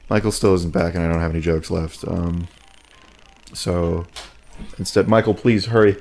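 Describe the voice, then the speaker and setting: A man co-hosting a casual gaming video, chatting and telling a deadpan joke. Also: low voice, moderate pace, long pauses. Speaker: co-host.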